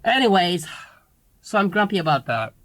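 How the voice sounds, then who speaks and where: A grumpy food reviewer gripes his way through a fast-food review clip played on a stream. His voice is bright and sharp, and his delivery is steady and complaining. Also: mid-range voice, no echo, poor audio.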